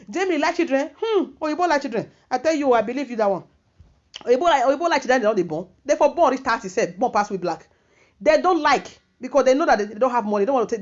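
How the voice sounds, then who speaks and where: Fast-talking Nigerian woman giving advice. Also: a little high. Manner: earnest, lecturing, mixes pidgin and English. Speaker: vlogger. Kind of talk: casual advice monologue. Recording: dull lo-fi recording.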